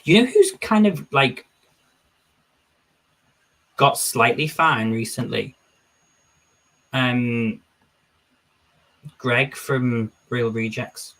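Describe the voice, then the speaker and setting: A man's voice: mid-range voice, extremely slow, pauses often, fairly bright tone. A man hosting a casual live stream, chatting away as he reads viewer comments aloud and answers them. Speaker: streamer host.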